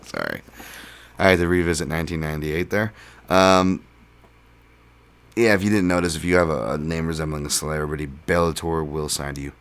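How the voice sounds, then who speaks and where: With a very deep, clean voice and a steady tone, a man hosting his own podcast goes through fight picks fairly quickly but pauses often. It's a casual solo betting breakdown littered with ums and restarts.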